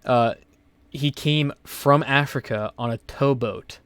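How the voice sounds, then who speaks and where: A man's voice: medium pitch, slow, a bit bright, smooth, no echo. A young man hosting a podcast, telling stories in a rambling, profane way full of fillers. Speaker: podcast host. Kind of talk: casual podcast chat.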